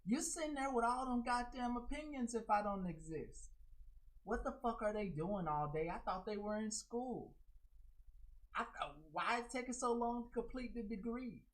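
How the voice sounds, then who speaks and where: A woman hosting her own livestream, ranting bluntly and profanely, mocking people in high, loud put-on quotes. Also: moderate pace, poor audio. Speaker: livestream host. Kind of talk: unscripted livestream rant.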